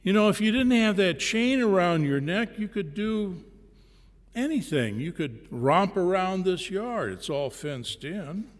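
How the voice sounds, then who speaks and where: A man's voice: high voice, very animated, a little slow, pitched above the performer's own voice. A man voicing an earnest, puzzled male pastor in a story, with a raised, pleading tone. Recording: long reverb in a large hall.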